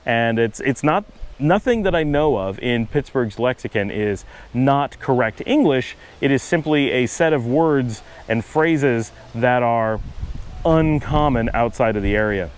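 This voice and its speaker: Guy with a northern us accent vlogging outside, mid-pitched, lots of restarts. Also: animated, measured pace, smooth. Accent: Northern US, Cleveland-Buffalo area. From United States. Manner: thoughtful, lecturing, frequent restarts. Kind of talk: casual explanatory monologue. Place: outdoors in Central America. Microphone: handheld camera.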